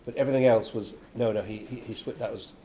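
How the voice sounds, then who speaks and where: An older actor chatting as an interview guest, a lively storyteller who acts out quotes. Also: male voice, on the low side, fast talker, slight background noise. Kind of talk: casual interview chat. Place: venue with background chatter.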